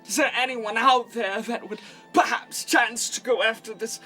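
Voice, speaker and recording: A man voicing a fussy, flustered male fair master who greets a crowd in a high, exaggerated tone. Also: steady tone, normal speed, pushed and bright, soft background music, exaggerated voice. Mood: grandly welcoming.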